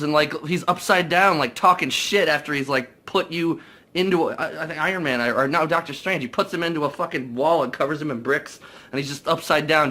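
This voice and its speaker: A young man casually recapping a movie, swearing a lot, excitable and full of fillers. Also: fairly high pitch. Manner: profane, excitable, many fillers. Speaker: movie reviewer.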